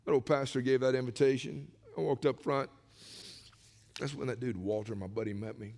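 A middle-aged male pastor preaching his personal testimony, telling it with animated swings from hushed asides to shouts. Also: medium pitch, normal speed, vocal fry, slight background noise. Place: church sanctuary. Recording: long reverb of a large church hall.

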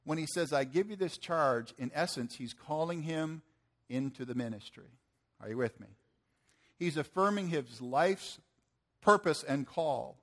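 A pastor in his fifties delivers a conversational sermon, asking the audience questions and acting out quotes in slangy lines. His voice is on the high side and fairly bright, animated but at a measured pace.

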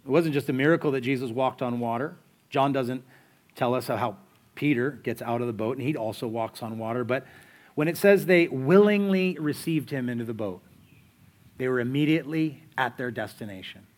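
A man's voice: medium pitch, normal speed. A man preaching a sermon in a conversational, storytelling way, full of rhetorical questions to the listeners. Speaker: pastor.

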